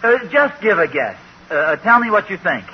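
Brief: fumbling, evasive husband, high, bouncy voice, hissy old radio. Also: male voice, big pitch swings, moderate pace, muffled recording. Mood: flustered. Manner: hesitant, stammering, evasive. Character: flustered, fumbling sitcom husband. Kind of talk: 1940s radio acting.

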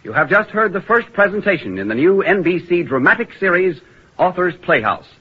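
A man's voice: high voice, very animated, a little fast, husky, faint music behind. A man announcing the cast and next week's show in a formal, declamatory 1940s radio style. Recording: muffled old radio broadcast.

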